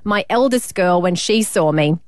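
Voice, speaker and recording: Woman, radio co-host, chatty, laughing, lively pitch, dry close studio sound. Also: normal speed, dry recording. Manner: chatty, laughing, acts out family members' voices. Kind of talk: casual radio chat.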